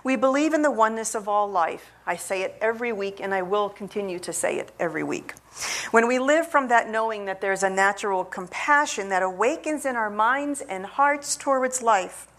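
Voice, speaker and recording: A woman minister telling a story and then giving a measured, earnest sermon. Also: mid-range voice, animated, fairly bright tone.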